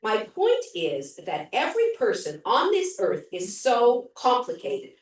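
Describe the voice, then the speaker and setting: A woman reading aloud the lines of a thoughtful middle-aged woman, in a slow, earnest, searching way. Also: fairly high pitch, huge pitch swings. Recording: very echoey room from far off.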